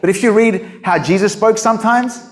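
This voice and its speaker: Man, pastor, sermon, conversational, emphatic, somewhat high voice. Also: moderate pace.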